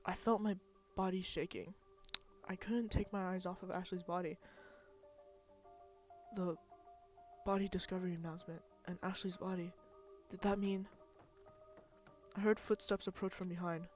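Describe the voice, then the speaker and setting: A woman streamer who reads game text aloud and reacts with expressive, dramatic outbursts. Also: lowish voice, moderate pace, long pauses, faint music behind.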